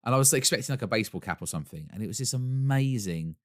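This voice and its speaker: A man's voice: medium pitch, lively intonation, very fast, no room sound, clean studio sound. A man from Essex, co-hosting a podcast in casual chat, telling stories with enthusiasm and frequent laughs. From Essex, England. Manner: enthusiastic storyteller, laughs often. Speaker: podcast co-host.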